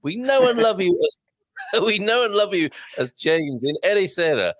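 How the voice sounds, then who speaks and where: Reading viewer comments aloud on his live online show, a man chats in a jokey way and adds tag questions. His voice sits high with big pitch swings at a moderate pace, and the studio sound is clean, without echo.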